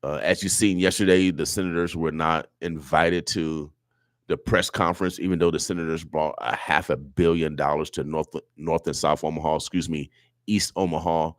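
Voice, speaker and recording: A very deep-voiced man hosts a radio show and speaks in an impassioned, preachy way, circling back and repeating his points. His voice is recorded dry and close in a studio, with no room sound. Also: steady tone, normal speed, dry recording. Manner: preachy, repetitive, emotional. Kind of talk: impassioned talk radio monologue.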